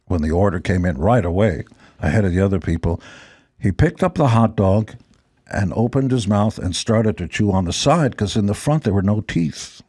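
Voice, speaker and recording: An older man from Israel, a guest telling rock-tour stories in a relaxed chat, with dry joking asides. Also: on the low side, husky, no echo. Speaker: guest musician. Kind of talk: casual storytelling.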